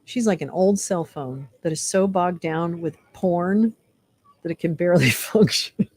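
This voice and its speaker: A woman's voice: fairly low pitch, moderate pace, a little mellow. Sarcastic woman mocking what she reads. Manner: mocking, sarcastic, laughs between lines, profane asides. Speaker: commentary vlogger. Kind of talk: sarcastic commentary reading a website aloud.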